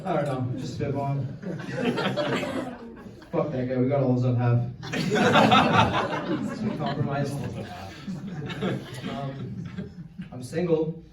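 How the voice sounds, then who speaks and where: High-voiced comic, roomy club. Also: male voice, very animated, unhurried, pauses often. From Canada. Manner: rambling, crude, filler-heavy storytelling. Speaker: stand-up comedian. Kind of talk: stand-up comedy set. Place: comedy club stage. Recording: roomy club sound from far off. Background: audience laughter.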